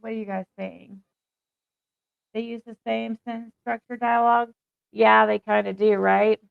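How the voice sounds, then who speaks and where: A woman's voice: fairly high pitch, little pitch movement, unhurried, vocal fry, clear, resonant tone, no echo. A woman doing casual live commentary, reading text messages aloud and answering viewer comments in a chatty, hesitant way. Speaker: online commentator. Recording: tinny phone-like audio, dry.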